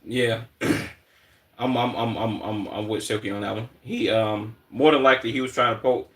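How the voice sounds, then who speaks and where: A man's voice: fairly low pitch, fairly even intonation, moderate pace, far from the mic. Blunt, profane man streamer. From Chicago. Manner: blunt, profane, repeats words, emphatic asides. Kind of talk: live reaction commentary.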